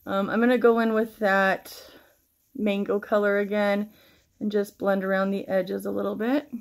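A woman's voice: mid-range voice, flat delivery, moderate pace, creaky. A middle-aged woman chatting casually through a makeup tutorial, rambling and swearing freely while shaken and stressed. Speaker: makeup vlogger.

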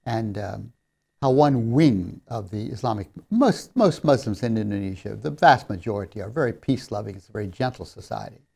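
A man's voice: fairly low pitch, animated, fairly quick, gravelly. A man giving a recorded seminary lecture, telling stories in an earnest, emphatic way. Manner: earnest storyteller, warmly emphatic on key lines.

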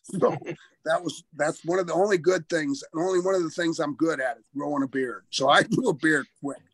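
A man's voice: fairly high pitch, moderate pace, fairly bright tone, slightly rough, dry recording. An older man, a former wrestler, telling career stories in a casual interview, chatty and laughing often as he talks.

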